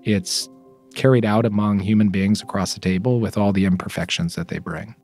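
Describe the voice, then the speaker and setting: A man interviewed as a former official, explaining diplomacy in a measured way. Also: lowish voice, fairly even intonation, a little mellow, soft background music.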